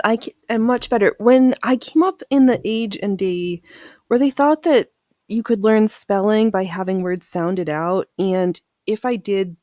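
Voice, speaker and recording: A woman's voice: medium pitch, a little mellow, no room sound. A woman hosting a casual live sewing stream. She laughs often and reads viewer comments aloud as she works. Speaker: livestream host.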